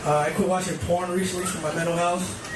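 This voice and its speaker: A man with a fairly high voice works through a live stand-up set, rambling and self-deprecating as he chats with the crowd. He is picked up from a distance in an echoey club, with loud room noise all around him. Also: level tone, fast. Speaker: stand-up comedian. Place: comedy club stage. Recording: echoey club audio from far off. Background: loud room ambience and audience.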